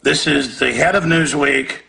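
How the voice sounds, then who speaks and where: A man's voice: fairly high pitch, unhurried, gravelly, bright, forceful tone. A man hosting a talk radio show, speaking with indignant, emphatic commentary. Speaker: radio host.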